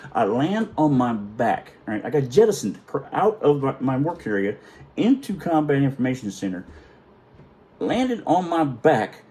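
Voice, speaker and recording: A man's voice: medium pitch, warm tone. A middle-aged man telling a story in a casual, profane, self-mocking way.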